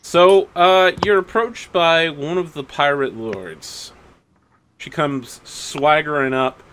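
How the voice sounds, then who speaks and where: A man's voice: on the high side, a bit bright. A man narrating as game master in a casual, rambling way.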